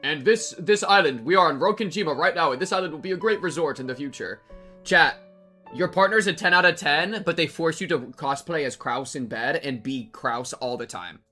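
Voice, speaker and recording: A young man streaming a game, chatting to his viewers in a rambling, jokey, excitable way and sometimes reading the game text aloud. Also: on the high side, moderate pace, soft background music. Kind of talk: casual game-reaction commentary.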